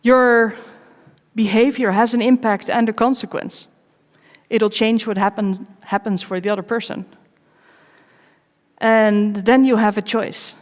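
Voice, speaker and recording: A woman giving a live conference talk, candid and personal, with wry self-mocking asides and measured pauses between short phrases. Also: a little high, fairly even intonation. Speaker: conference speaker. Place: large conference hall. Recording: long reverb of a big hall.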